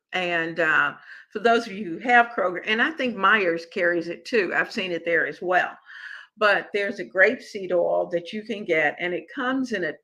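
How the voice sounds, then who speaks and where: A middle-aged woman hosting a live cooking chat, with a bright, forward tone. She talks slowly and easily, chatty and relaxed as she answers her viewers. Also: on the low side. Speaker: cooking show host. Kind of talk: casual live-stream cooking talk.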